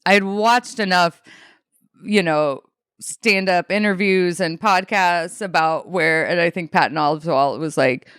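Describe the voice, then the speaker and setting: A young female comedian from Alaska, guesting on an interview, tells stories casually in a fairly low, slightly slow voice with a clean tone. She's animated, swears often, and acts out what people said in other voices. The studio-quality recording has no echo.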